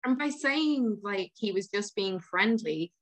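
A woman's voice: medium pitch, lively intonation, unhurried. Earnest woman joining a casual chat. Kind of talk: casual conversation.

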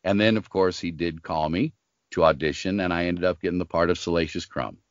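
A low-pitched older man whose voice carries a smoker's grain. He tells his stories in a casual interview and slips into the voices of the people in them. The recording is dry and a bit dull. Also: a little fast, dry recording. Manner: animated storyteller acting out quoted voices. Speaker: voice actor guest.

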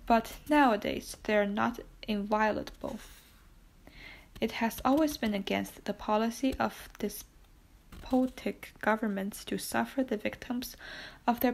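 A woman narrating an old novel in a hushed, breathy whisper, unhurried and steady. Her voice sits a little high, with a gentle gravelly texture under the whisper. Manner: soft, hushed, slow and even. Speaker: audiobook narrator. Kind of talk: whispered audiobook reading.

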